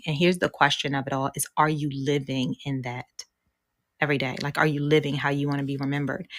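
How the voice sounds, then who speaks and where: Chatty encouraging woman coach, lowish voice. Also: no room sound, clean studio sound. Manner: chatty and encouraging, asks the audience questions; rhythmic spoken-word reading. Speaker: host and coach. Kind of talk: live coaching talk with poetry reading.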